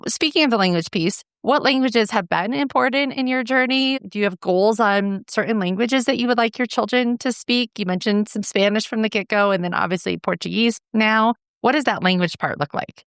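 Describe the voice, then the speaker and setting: A woman's voice: fairly high pitch, normal speed, few pauses, a bit bright, smooth, no room sound, clean studio sound. A woman hosting a podcast, asking a guest interview questions in an affirming way. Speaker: podcast host.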